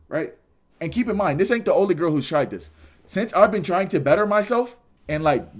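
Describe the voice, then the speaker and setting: A young man ranting on his livestream, exasperated and animated, repeating himself and shouting in disbelief. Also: on the high side, normal speed. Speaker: streamer. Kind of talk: casual livestream rant.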